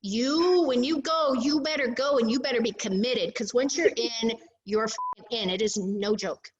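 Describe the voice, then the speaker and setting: A middle-aged woman telling a story in a casual vlog, frank, profane and animated. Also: on the high side, normal speed, dull audio, very noisy. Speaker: vlogger.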